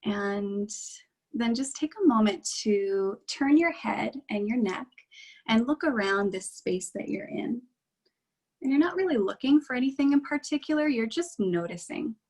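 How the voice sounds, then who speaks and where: A woman leading a guided meditation in a gentle, reassuring, unhurried way. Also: on the high side, lively intonation, low-quality recording.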